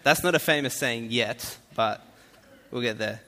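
Speaking at a measured pace, this Australian man jokes with an audience in a big hall with plenty of echo. His mid-range voice comes across as pushed and bright.

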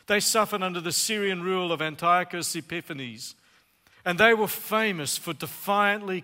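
Bright-voiced preacher in reverberant hall. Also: male voice, fairly high pitch. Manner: earnest, dramatic pauses with swings from loud to hushed. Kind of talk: sermon.

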